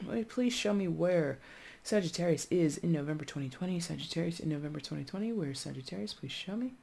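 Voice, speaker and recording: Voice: medium pitch, expressive, quick pace, vocal fry, darkish tone, a little hiss or hum. A chatty tarot reader giving a casual reading to viewers, rambling and searching for words aloud, often checking in with "okay?". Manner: addresses viewers directly, frequent "okay?".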